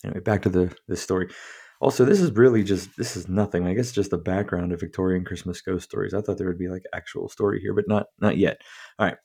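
A podcast host with a deep, dark, mellow voice reads old-fashioned prose aloud, tripping over the wording and chuckling at the text. Between passages he slips into loose, profane asides, keeping a steady tone while speaking fast in a creaky, husky voice.

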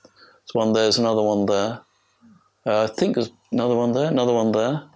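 A man's voice: lowish voice, brisk, darkish tone. An older English man, an archaeologist, giving a rambling, anecdotal illustrated talk to a live audience. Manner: rambling, anecdotal, with restarts and chuckles.

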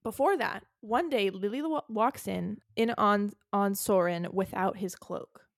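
A woman's voice: medium pitch, unhurried, vocal fry, dry recording, studio quality. Giggly woman recapping a book. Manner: animated storyteller, giggly, says "okay?" a lot. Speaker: podcast co-host. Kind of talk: casual chat recapping a book.

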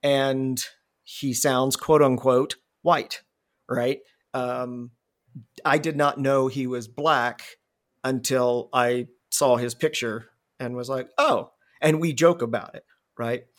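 A man's voice: medium pitch, steady tone, takes it slowly. A man hosting a podcast in casual chat, rambling and profane, restarting his words. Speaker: podcast host.

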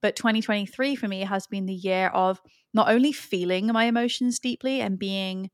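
A woman's voice: mid-range voice, steady tone, moderate pace, no echo. Brief: woman podcast host, solo episode, frank and earnest with casual swearing, mid-range voice, close and dry.

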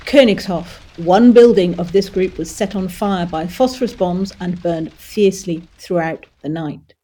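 A woman's voice: lowish voice, normal speed. A woman co-hosting a history podcast, chatting playfully and reading wartime diary entries aloud. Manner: lively, jokey banter; reads war diary entries. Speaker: podcast co-host.

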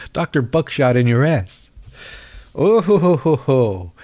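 A man's voice: on the high side, sing-song, slow, a little mellow. Sarcastic mocking male podcast host. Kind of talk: comedic political monologue.

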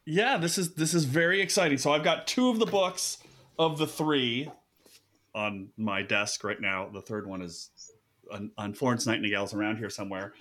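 A man hosting a podcast, talking in a casual, upbeat way with quick asides and restarts. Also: mid-range voice, a bit bright. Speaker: podcast host.

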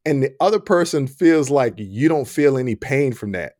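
A man's voice: mid-range voice, animated, moderate pace, darkish tone, dry recording, clean studio sound. A man hosting a casual podcast, talking frankly in a laid-back way and laughing often. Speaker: podcast host.

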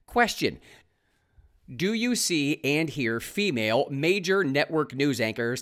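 A man with a fairly high voice rants sarcastically through a solo podcast monologue. His pitch swings widely as he mocks and complains, then breaks off to read articles aloud and pick them apart. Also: sing-song, a little slow, fairly bright tone. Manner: sarcastic, ranting; reads articles aloud with running commentary. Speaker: podcast host.

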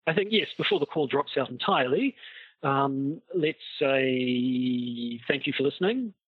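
Podcast co-host, male, husky voice, rambling and dry, heard over a tinny, muffled call line. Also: mid-range voice, animated, unhurried, no room sound. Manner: wordy, rambling, dry humor. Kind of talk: casual chat over a call. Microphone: internet call.

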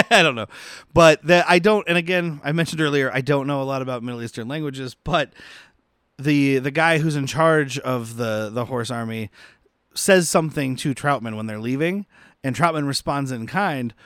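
A man co-hosts a casual movie-review podcast, rambling through his points and laughing often. His voice sits at an ordinary pitch and sounds dry and close, with no room around it. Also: moderate pace, a bit bright, no echo. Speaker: podcast co-host.

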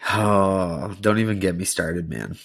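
Low-voiced guy on a podcast mic, swears a lot, teasing his buddies, dry sound. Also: vocal fry, no room sound. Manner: crude, teasing banter with heavy swearing. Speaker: podcast co-host. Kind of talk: casual chat.

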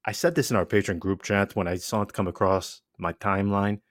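A man's voice: on the low side, brisk, no echo, clean studio sound. A man co-hosting a casual podcast, rambling through asides and restarts with emphatic energy. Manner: animated and emphatic. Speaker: podcast co-host.

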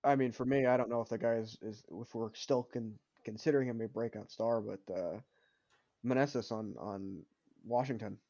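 A man's voice: medium pitch, normal speed, dark tone, no echo, lo-fi sound. A young adult man co-hosting a casual sports podcast, opinionated and arguing back, often repeating himself. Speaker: podcast co-host.

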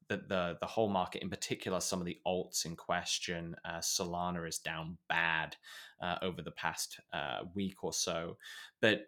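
Low-voiced man in exasperated commentary. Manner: animated, exasperated, emphatic. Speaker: podcast co-host. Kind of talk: casual news commentary.

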